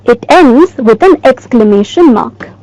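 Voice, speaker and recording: Lady teacher, slow clear lesson, repeats stuff for kids. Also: a little high, expressive, darkish tone, low-quality recording. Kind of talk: recorded classroom lesson.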